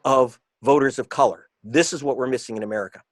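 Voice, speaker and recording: A man being interviewed as an author and reporter, talking in an emphatic, combative way and slowing down to stress his points. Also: medium pitch, no room sound. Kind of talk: interview guest.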